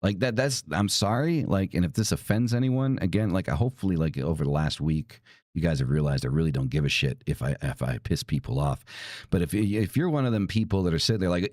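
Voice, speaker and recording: Profane, ranting low-voiced man. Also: lively intonation, fairly quick, a little mellow, no echo, clean studio sound. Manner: many fillers like "right?". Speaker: podcast host. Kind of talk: casual monologue.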